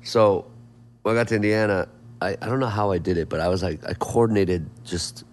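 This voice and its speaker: A man's voice: lowish voice, brisk. A man telling stories as an interview guest, rambling and profane, with many restarts. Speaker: songwriter and producer guest. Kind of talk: casual storytelling interview.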